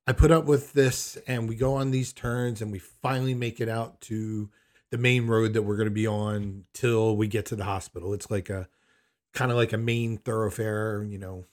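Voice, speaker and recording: Husky middle-aged man telling a story. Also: on the low side, darkish tone. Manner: emphatic, incredulous storytelling. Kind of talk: personal anecdote.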